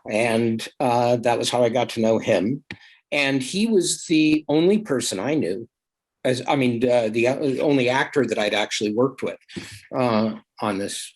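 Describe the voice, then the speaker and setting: A man's voice: mid-range voice, a little slow. A man actor recalling a past film shoot on a video call, meandering and casual.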